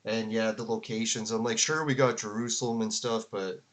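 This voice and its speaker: A man's voice: on the low side, fairly even intonation, moderate pace, a bit bright. A man giving casual, rambling commentary on a debate to his viewers, full of fillers and restarts. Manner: rambling, filler-heavy, with frequent "like" and laughs. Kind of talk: casual commentary to a live chat.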